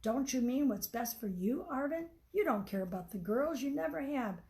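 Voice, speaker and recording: A woman's voice: sits high, lively intonation, normal speed. A woman reading the part of a betrayed wife who pleads and accuses. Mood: hurt. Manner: pleading, rising to sharp.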